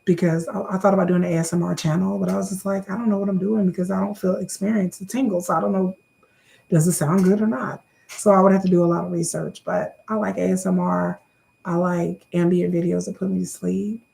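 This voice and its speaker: A woman's voice: medium pitch, creaky, dark tone. A woman in her thirties doing a casual question-and-answer vlog to camera, chatty, often repeating words and calling viewers y'all.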